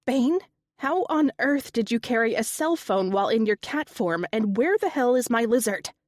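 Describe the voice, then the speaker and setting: Woman doing a high, pleading caring woman. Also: expressive, normal speed, no echo, clean studio sound, lightly acted. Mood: urgent. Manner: urgent, emotional.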